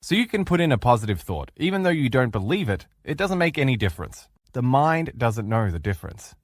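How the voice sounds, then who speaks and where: Animated emphatic male relationship coach. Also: mid-range voice, a little fast, no echo, studio quality. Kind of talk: motivational lecture.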